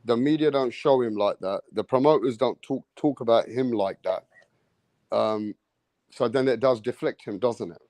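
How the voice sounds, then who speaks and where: A man's voice: mid-range voice, moderate pace, a little mellow, no echo. A man, co-hosting a casual boxing chat and asking questions that seek agreement.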